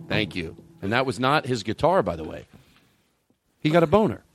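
A man hosting a loose comedy show, jumping between topics and swearing freely. His mid-pitched voice swings up and down a lot as he gets worked up, and a faint hiss of noise sits under it. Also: a little fast. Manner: rambling, excitable, profane. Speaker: host. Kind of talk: comedy talk show banter.

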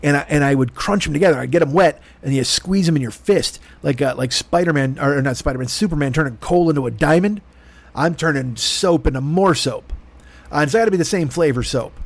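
Male podcast host, slightly high voice, animated profane comic monologue. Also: brisk, creaky. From grew up poor. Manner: profane, animated, self-mocking. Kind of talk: comedic storytelling monologue.

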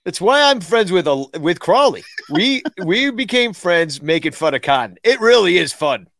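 A man's voice: high voice, sing-song, moderate pace, a bit bright, no echo. A man co-hosting a casual podcast, joking and poking fun at himself. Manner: joking, self-deprecating. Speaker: podcast co-host.

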